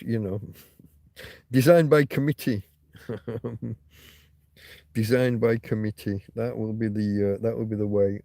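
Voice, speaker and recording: A man hosting a loose, rambling livestream and chatting to his viewers. He rants and swears freely and trips over restarts and repeated words. His voice is dark and mellow, recorded close in a dry, dead-sounding room. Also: fairly low pitch, creaky, no room sound. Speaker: livestream host. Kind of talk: casual rambling livestream chat, reading viewer comments.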